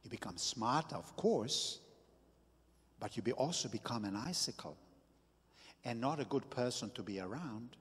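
A man preaching a sermon as pastor, slow and deliberate with emphatic bursts. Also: mid-range voice, expressive, slightly rough, in a large hall.

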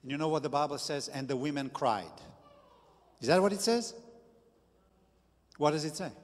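Pastor, male: husky voice, slightly high, unhurried sermon delivery with sudden emphasis, reverberant hall. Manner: slow and deliberate, with emphatic bursts.

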